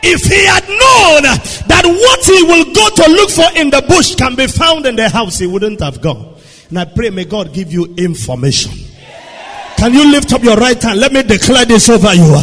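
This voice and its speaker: A man preaching a sermon, swinging between hushed storytelling and shouted declarations. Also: extremely high pitch, very animated, moderate pace, husky. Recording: long echo of a large hall.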